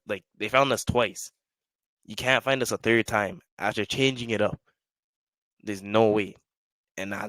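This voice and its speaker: A man's voice: fairly low pitch, no room sound. A young man hosting a casual solo talk, rambling through street stories in slangy speech and acting out the voices of people he met. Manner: slangy, rambling, animated storyteller; acts out quoted voices in the stories. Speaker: podcast host.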